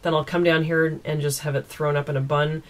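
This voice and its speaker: A woman's voice: low-pitched, level tone, brisk. A woman from East Coast Canada, chatting casually and giggling as she answers viewer questions at home into a camera mic. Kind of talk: casual Q&A chat.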